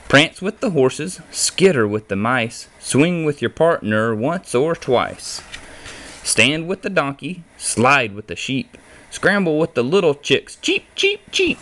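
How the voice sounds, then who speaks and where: A man's voice: mid-range voice, fairly bright tone. A man reading children's picture books aloud in a rhythmic, sing-song way, adding playful animal noises.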